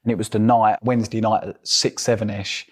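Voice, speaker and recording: A man's voice: lowish voice, brisk, breathy edge. Essex man telling a story. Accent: Essex English. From England. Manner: animated storyteller acting out dialogue. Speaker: interview guest. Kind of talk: storytelling interview.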